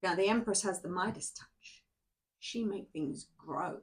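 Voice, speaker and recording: A woman's voice: medium pitch, measured pace. A woman giving a casual tarot reading to camera, chatty and rambling, who keeps checking in with "yeah?". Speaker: tarot reader.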